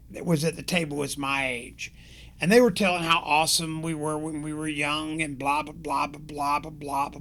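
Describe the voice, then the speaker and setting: Older male podcast host, gravelly voice, passionate rambling rant, casual. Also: fairly high pitch. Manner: passionate, conversational, rambling with fillers.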